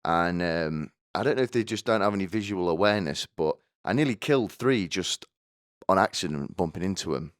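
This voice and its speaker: A man's voice: low-pitched, expressive, brisk, no room sound, studio quality. A young man hosting a podcast, telling rambling comic stories with stammering restarts and crude offhand jokes. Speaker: podcast host.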